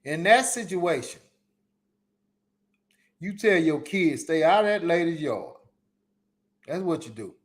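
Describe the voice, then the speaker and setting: A man's voice: a little high, sing-song, slow, pauses often. A man hosting a solo live podcast, giving emphatic, repetitive advice in casual slang. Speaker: podcast host. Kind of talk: solo live-stream commentary.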